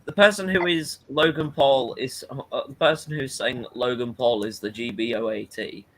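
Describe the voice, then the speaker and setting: A man co-hosting a stream in casual chat, halting and restarting often. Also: mid-range voice, rough recording.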